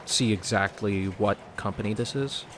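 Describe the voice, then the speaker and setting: A man playing a polite businessman character in a tabletop game, measured and formal, laughing often. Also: fairly low pitch, fairly bright tone, slight background noise. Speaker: player.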